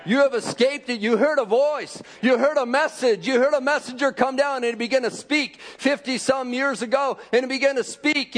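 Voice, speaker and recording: A man preaching a fervent sermon, repeating phrases and rising to shouts. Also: very high voice.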